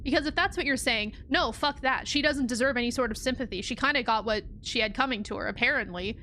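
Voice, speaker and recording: A woman's voice: a little high, fast, sharp tone, slight background noise. A young woman streaming a game, talking casually and animatedly, swearing often and sounding exasperated. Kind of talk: casual gameplay commentary.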